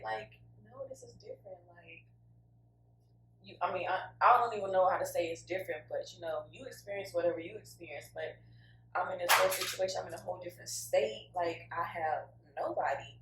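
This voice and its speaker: Woman talking real open and emotional, lowish voice, roomy echo, bit far from the mic. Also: fairly even intonation, a little fast. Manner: candid, emotional, informal with many fillers. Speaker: podcast co-host sharing her story. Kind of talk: casual heartfelt podcast chat. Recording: echoey room, mic at a distance, faint hum.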